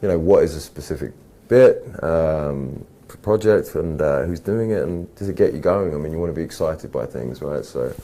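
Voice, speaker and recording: Low, laid-back English man. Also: warm tone. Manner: slow, measured, laid-back. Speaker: actor interviewee. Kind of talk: casual interview.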